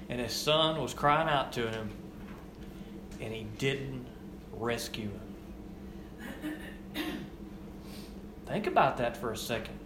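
A young man preaching a sermon, repeating his lines and swinging between hushed and raised delivery. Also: fairly high pitch, noisy background. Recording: echoey room with faint ambience.

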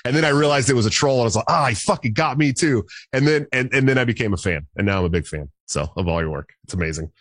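A man in his thirties hosting a casual podcast, animated and swearing freely with many restarts. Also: fairly low pitch, rapid-fire, hardly any pauses, no room sound. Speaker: podcast host. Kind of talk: casual chat.

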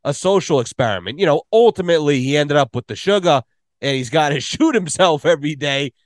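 A man's voice: fairly high pitch, lively intonation, a little fast, no room sound, clean studio sound. A man hosting a podcast, telling rambling, profane stories in casual chat. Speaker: podcast host.

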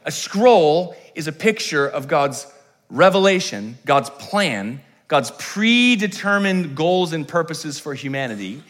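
A man preaching a sermon in church, reading scripture with slow dramatic emphasis and swinging from hushed to loud proclaiming. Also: a little high. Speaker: pastor. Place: church sanctuary.

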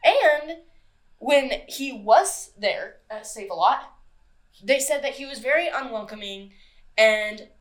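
A woman hosting a casual true-crime podcast, chatty and quick to swear and laugh. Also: a little high, expressive. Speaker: podcast host.

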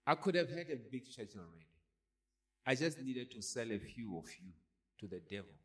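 With a mid-range, sing-song voice at normal speed, a pastor delivers a sermon built on call and response. Again and again he asks the congregation rhetorical questions like "are you hearing me."

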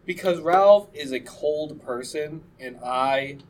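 A man's voice: fairly high pitch, slow pace, recorded from a distance, a little hiss or hum. A young man on a casual podcast, tossing off playful, cheeky quips. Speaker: podcast co-host. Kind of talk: casual chat among friends.

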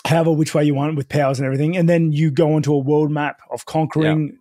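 Young man, podcast co-host, excited chatty tone, slightly high voice, dry close sound. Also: fast talker, dry recording. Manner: chatty, enthusiastic, many "like" fillers. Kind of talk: casual chat.

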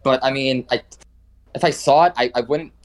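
A man's voice: mid-range voice, fairly even intonation, normal speed. A man co-hosting a football podcast, talking casually and hedging with lots of "like" and "I mean". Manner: hedging, many repeated "like" and "I mean". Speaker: podcast co-host.

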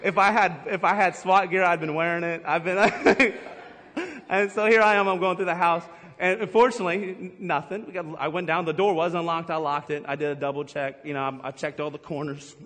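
A middle-aged man preaching a lively sermon, laughing often and acting out his stories. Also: high-pitched, fairly quick. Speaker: pastor. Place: church hall. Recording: live in a big echoey hall.

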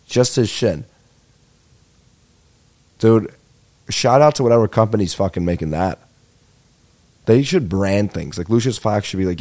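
This young podcast host has a lowish, darkish voice and an expressive but slightly slow delivery, leaving long pauses. His comedy monologue is casual and rambling, filled with profanity and self-mockery, and he seems a little tired.

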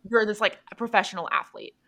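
Bright voiced woman gm, quick and chatty, lots of likes. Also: medium pitch, big pitch swings, vocal fry. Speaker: game master. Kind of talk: narrating a tabletop role-playing game.

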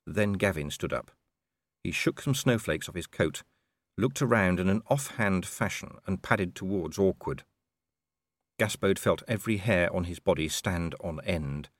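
A man reading an audiobook aloud in scripted narration, measured and expressive. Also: deep voice, no room sound.

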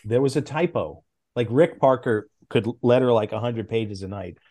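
Middle-aged man, podcast guest, lively storyteller, ordinary mid pitch. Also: moderate pace. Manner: animated anecdotes, with big jumps in pitch. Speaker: guest, former comics editor.

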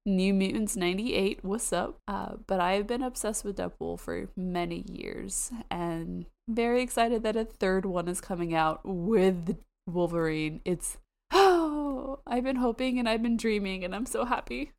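Young woman, from the US, podcast co-host, casual chat, excitable, laughs a lot. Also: mid-range voice. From United States. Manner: excitable, quick asides, laughs often.

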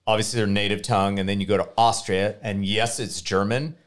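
A man from California chats as a podcast guest. His voice sits on the low side, and he talks at length with frequent restarts and hedges. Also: steady tone, fairly quick. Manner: talkative, hesitant restarts. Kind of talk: casual chat.

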